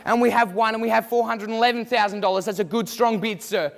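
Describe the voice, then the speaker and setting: High-voiced male auctioneer calling bids. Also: steady tone, quick pace, vocal fry. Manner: theatrical, repetitive bid calling. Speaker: student auctioneer. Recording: long hall reverb.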